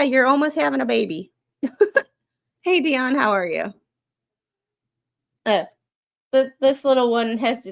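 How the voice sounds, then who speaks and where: A laid-back woman hosts a late-night live stream from home, talking straight to her viewers in an easygoing way. She laughs easily and drifts from one tangent to the next. Her voice sits at an ordinary middle pitch. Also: creaky. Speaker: streamer hosting a live reaction show. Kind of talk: casual live-stream chat, reading stories and greeting viewers. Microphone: streaming microphone.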